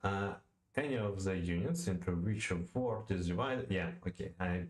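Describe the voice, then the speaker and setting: A man with a Russian accent reads poetry lesson notes aloud and thinks aloud, halting often with fillers and repeating words to practice saying them. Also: sits low, echoey room. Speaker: language learner studying poetry. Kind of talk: reading aloud and thinking aloud while studying.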